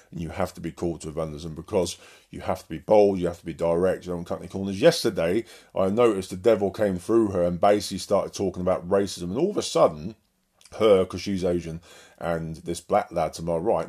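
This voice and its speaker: Blunt low-voiced evangelist man. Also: darkish tone. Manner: blunt, combative. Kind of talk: preaching monologue to listeners.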